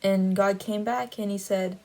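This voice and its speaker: Medium in pitch, steady and dark in tone, this woman speaks at a measured pace on a low-quality recording. A Christian vlogger, she rambles through an account of a dream, full of "like" fillers, and then pulls a lesson about faith from it.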